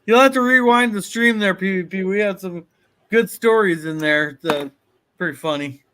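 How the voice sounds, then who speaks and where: A man's voice: high voice, moderate pace, fairly bright tone, clean tone. A man co-hosting a casual livestream, reading viewer comments aloud and greeting the chat.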